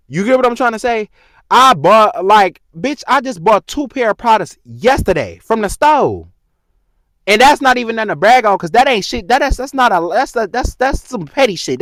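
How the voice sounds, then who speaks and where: Young man, 20s, heated profane rant, high animated voice, dry close sound. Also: no echo. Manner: heated, profane, talks straight to the viewer. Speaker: vlogger. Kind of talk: casual storytime rant.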